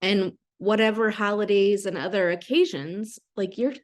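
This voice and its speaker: A woman hosting a podcast interview, speaking gently and affirmingly with hesitant phrasing. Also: mid-range voice, normal speed. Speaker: podcast host. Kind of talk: conversational interview.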